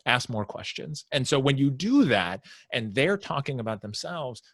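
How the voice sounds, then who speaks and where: A man, a sales consultant, explaining his approach as a podcast guest and acting out his clients' worries in quick asides. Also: mid-range voice, no room sound, studio quality. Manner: animated explainer, acts out prospects' inner voices. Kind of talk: conversational interview.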